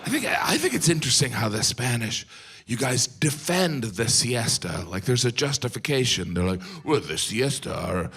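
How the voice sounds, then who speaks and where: A middle-aged American man doing a stand-up set, deadpan, slipping into silly voices for the people he quotes. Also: mid-range voice, normal speed, slight background noise. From United States. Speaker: stand-up comedian. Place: live comedy venue with audience.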